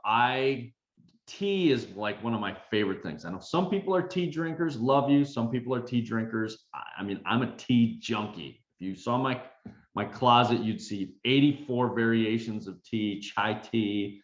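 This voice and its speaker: A middle-aged man, a confidence coach, telling a self-deprecating story in an animated way with many fillers. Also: mid-range voice. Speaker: confidence coach and keynote speaker. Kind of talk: storytelling talk. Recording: roomy, dull recording.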